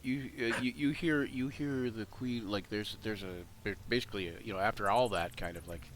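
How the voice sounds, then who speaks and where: A man narrating a tabletop game as game master, hesitant and full of restarts. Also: lowish voice. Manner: halting, full of restarts and fillers.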